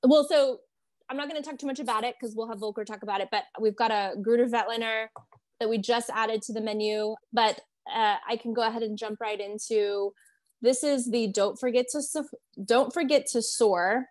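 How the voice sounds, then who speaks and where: A woman's voice: a little high, fairly even intonation, normal speed, no echo. A woman explaining wines in a friendly, informative casual chat. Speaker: wine guest.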